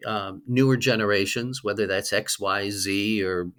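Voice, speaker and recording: A man's voice: lowish voice, fairly even intonation, normal speed, a bit bright. A man in his sixties, a guest on an interview podcast, speaking reflectively with frequent ums. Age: 60s. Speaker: guest, fundraising leader.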